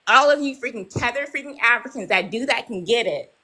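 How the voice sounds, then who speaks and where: On a live stream, a woman argues angrily and profanely, confronting her opponent and often ending her points with "right?". Her voice is a bit high, husky, bright, and forceful, and she speaks briskly and animatedly. The recording is rough.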